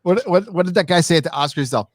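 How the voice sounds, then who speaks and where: A man's voice: sits high, fast, no room sound, studio quality. A man hosting a casual podcast chat, talking emphatically and with frequent swearing. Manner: emphatic, profane. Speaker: podcast host.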